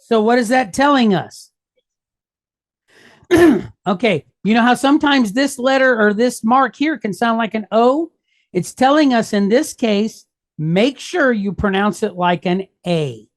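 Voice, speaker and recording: A woman's voice: a little high, expressive, measured pace. Patient woman teaching step by step. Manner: patient, checks in with "okay?" and "right?". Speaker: Hebrew teacher. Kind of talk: walking through a worksheet lesson.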